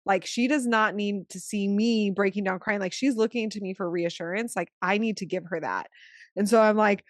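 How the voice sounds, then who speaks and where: A chatty woman telling a story on a podcast, leaning on "like" constantly and swinging between hushed tones and excited bursts. Her voice sits at an ordinary middle pitch. The sound is dry and close, with no room echo. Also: normal speed. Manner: chatty, fills speech with "like"; animated, shifting from hushed to excited. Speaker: podcast co-host; new mother. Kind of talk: casual storytelling.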